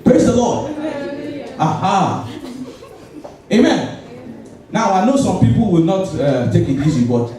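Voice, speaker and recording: A high-pitched man with a Nigerian English accent preaches a lively sermon and acts out the congregation's habits in quick skits. He keeps coming back to a refrain. He is heard from a distance in a very echoey hall. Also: a little hiss or hum. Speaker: pastor. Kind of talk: lively church sermon with call and response. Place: large church hall.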